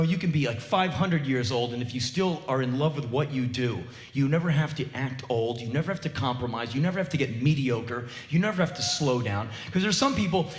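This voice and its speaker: Intense American man ranting live on stage. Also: fairly high pitch. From United States. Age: 40s. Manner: intense profane rapid-fire rant. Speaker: spoken word performer. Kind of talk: live spoken word monologue. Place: large theater stage, live audience. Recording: roomy live theater recording.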